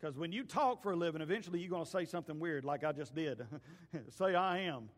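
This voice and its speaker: High-voiced pastor in a hall. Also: male voice, animated, fairly quick. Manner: folksy, storytelling, swings from loud to hushed. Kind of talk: sermon. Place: church sanctuary. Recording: long hall reverb.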